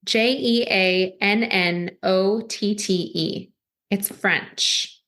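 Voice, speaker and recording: Woman, podcast co-host, casual chat, giggles a lot, mid pitch. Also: steady tone, drawn-out words, a bit bright. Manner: chatty, giggly storytelling.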